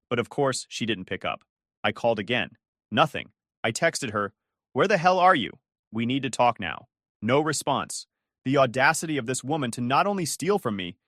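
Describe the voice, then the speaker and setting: A man's voice: medium pitch, a bit bright, no room sound, clean studio sound. A man narrating a dramatic first-person story in an indignant, emphatic way.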